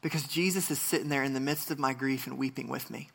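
Bright-voiced male pastor preaching. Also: medium pitch, fast, vocal fry, husky. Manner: earnest, restarts often, rises to passionate emphasis. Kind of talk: sermon.

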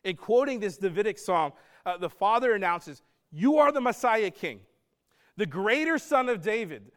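Earnest high-voiced preacher. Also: male voice, animated, moderate pace. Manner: earnest, conversational preaching with rising emphasis. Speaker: pastor. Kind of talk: sermon.

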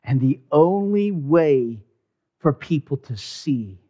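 Male pastor, slow deliberate sermon delivery, drops to hushed whispers for effect, muffled lo-fi audio. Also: on the high side, animated. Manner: dramatic, swings from loud emphasis to hushed near-whisper.

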